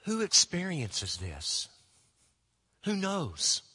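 Guy preaching a sermon, kinda high voice, earnest and slow, gets real quiet and prayerful sometimes, big echoey church. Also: huge pitch swings, slightly rough. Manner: earnest, slow and emphatic, dropping to hushed prayerful tones.

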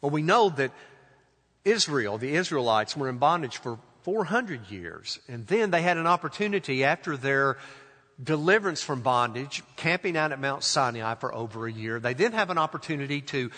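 Bright-voiced male preacher in a hall. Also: mid-range voice, animated. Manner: acts out voices in anecdotes, slows for emphasis. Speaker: pastor. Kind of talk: sermon. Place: church sanctuary. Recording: long hall reverb.

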